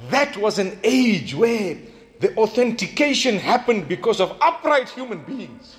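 A man's voice: high voice, sing-song, moderate pace. A man speaking as an imam on a radio talk, earnest and reflective, asking rhetorical questions.

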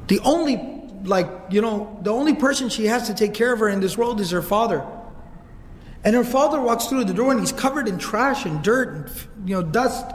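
Brief: animated male preacher, high voice, long reverb of a mosque hall. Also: moderate pace, slight background noise. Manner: animated, repeats words while searching. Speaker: religious lecturer. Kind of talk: storytelling sermon. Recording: reverberant hall, faint ambience.

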